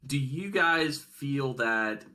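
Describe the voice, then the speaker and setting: A man's voice: medium pitch, lively intonation, takes it slowly, pushed and bright. A man co-hosting a podcast, talking in an easygoing way and putting questions to the others. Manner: easygoing, asks the panel questions. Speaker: podcast co-host. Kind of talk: casual podcast chat.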